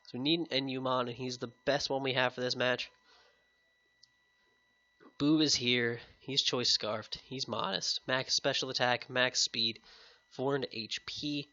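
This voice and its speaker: Bright-voiced man, sick, on a headset. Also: mid-range voice, fairly even intonation, unhurried, lo-fi sound. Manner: casual, upbeat, chatty with viewers. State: sick-sounding voice. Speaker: competitive game YouTuber. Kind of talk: casual gameplay commentary.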